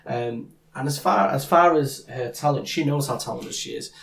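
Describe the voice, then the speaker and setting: Gravelly guy cohosting a fight podcast, loose rambly chat, lots of ums. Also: medium pitch, moderate pace, a bit bright, a little hiss or hum. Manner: rambling, many restarts and fillers. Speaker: podcast co-host. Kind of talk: casual MMA chat.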